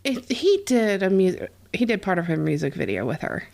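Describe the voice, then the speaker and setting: A woman's voice: medium pitch, big pitch swings, normal speed, vocal fry, darkish tone. A woman co-hosting a casual podcast from a home kitchen, talking through details in a conversational way. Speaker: podcast co-host. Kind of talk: casual chat.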